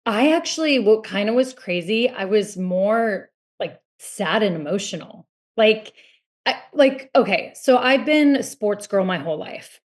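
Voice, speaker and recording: A woman's voice: mid-range voice, animated, measured pace. A woman guest on a podcast in casual chat, telling her side of events in a chatty way and filling her talk with "like". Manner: chatty, filler-heavy storytelling.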